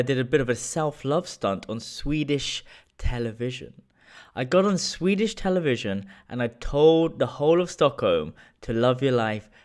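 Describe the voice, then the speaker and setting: A man with a smooth, clear voice hosts a casual live stream. He tells stories in an animated way and greets viewers by name as they join the chat. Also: mid-range voice. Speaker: livestream host.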